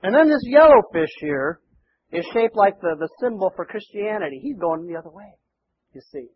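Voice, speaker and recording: A man's voice: high voice, very animated, normal speed, a little hiss or hum. A male pastor preaching a sermon in a conversational way, often asking rhetorical questions and repeating words. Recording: dull lo-fi church recording.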